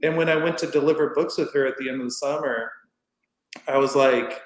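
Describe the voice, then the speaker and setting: A middle-aged man telling a long story casually as a podcast guest, rambling and animated, acting out what people said. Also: mid-range voice, a little fast. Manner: rambling, animated retelling with acted-out quotes. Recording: roomy echoey room.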